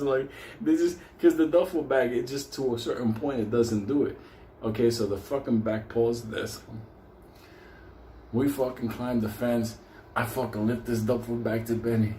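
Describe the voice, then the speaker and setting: A man's voice: mid-range voice, moderate pace, warm tone. A man tells a story casually, swearing constantly and laughing as he talks. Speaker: storyteller host. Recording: echoey room with faint ambient noise.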